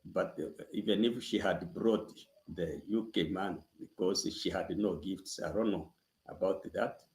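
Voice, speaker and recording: A man, low-pitched and very slow, picks his words with care and stops often on uhs. His voice rings in an echoey room. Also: a little mellow. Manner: cautious, measured, hesitant with many uhs. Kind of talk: casual address.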